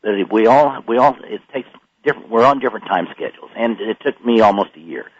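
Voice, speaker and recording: An older man with a very low voice talks as a radio guest, halting and filling gaps with hesitations. The sound is dry and a little muffled, like an older radio recording. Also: breathy edge, no echo. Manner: halting, many pauses and fillers. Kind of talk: radio interview.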